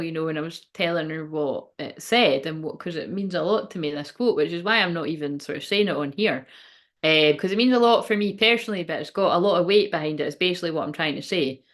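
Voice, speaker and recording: A woman's voice: sits low, a bit bright. A woman who works as a spiritual medium, rambling chattily and emotionally on a live stream and laughing often. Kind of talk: casual live-stream chat.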